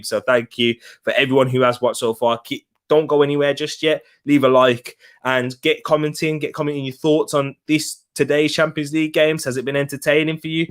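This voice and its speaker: Young man, from the west midlands, football stream host, chatty, upbeat, mid-pitched voice. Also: level tone, a little fast, hardly any pauses. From West Midlands, England. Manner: upbeat, chatty, thanking viewers by name. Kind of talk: casual football watch-along chat.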